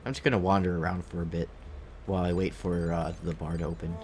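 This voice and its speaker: A man's voice: low-pitched, level tone, fast talker, darkish tone, a little hiss or hum. A man casually chatting while streaming a game, rambling as he plays and reading lines aloud, with a stuffed-up nose. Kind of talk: casual gameplay commentary.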